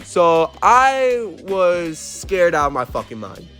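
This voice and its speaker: A man's voice: sits high, big pitch swings, slow, fairly bright tone, soft background music. A young man telling a storytime on his vlog, blunt and profane as he retells an argument at work. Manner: blunt, swears often, retells the argument animatedly. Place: worked in New Mexico.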